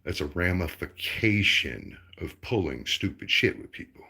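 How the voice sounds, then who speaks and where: A man with a very low voice rants in a furious, profane tirade. He is insulting and aggressive and hammers the same points again and again. His voice rings in an echoey room. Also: lively intonation, measured pace, sharp tone. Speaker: streamer ranting at a commenter. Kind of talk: angry profane rant.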